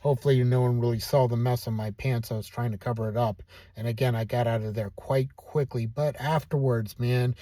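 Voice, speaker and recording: A man's voice: mid-range voice, mellow, dry recording, clean studio sound. A middle-aged man recording a personal video diary, speaking in a downcast, self-deprecating, musing way. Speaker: vlogger.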